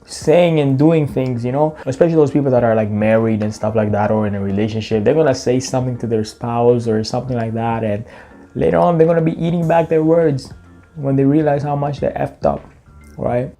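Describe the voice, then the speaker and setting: A man's voice: mid-range voice, a little fast, mellow. A man giving casual commentary on a clip, asking rhetorical questions and ending points with "right?". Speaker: reaction video host. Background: faint background music.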